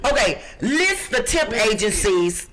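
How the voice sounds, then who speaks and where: A middle-aged woman from the Midwest with a rough-edged voice, co-hosting a podcast and reading out job listings in a brassy, emphatic, joking way. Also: mid-range voice, sing-song, unhurried, a bit bright. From Chicago. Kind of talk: lively podcast chat.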